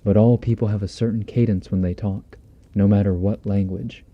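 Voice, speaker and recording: Male streamer, low dark tone, relaxed profane horror storytelling, slightly muffled stream sound. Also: normal speed. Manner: laid-back, profane, conversational delivery. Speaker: streamer reading horror stories. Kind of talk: casual horror story reading. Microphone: binaural dummy-head mic.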